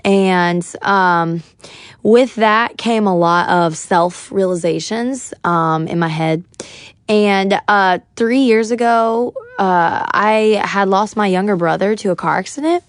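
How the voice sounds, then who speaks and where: A woman's voice: mid-range voice, slow, dry recording, clean studio sound. Chatty young woman telling a story. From United States. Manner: chatty, many "like" fillers, acts out quotes. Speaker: podcast guest, singer-songwriter. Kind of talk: casual personal storytelling.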